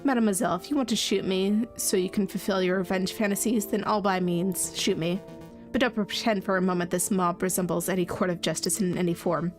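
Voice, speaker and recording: A woman voicing an arrogant male rooster prosecutor in a game, haughty and condescending, with soft music behind. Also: mid-range voice, fairly even intonation, a little fast, lightly acted.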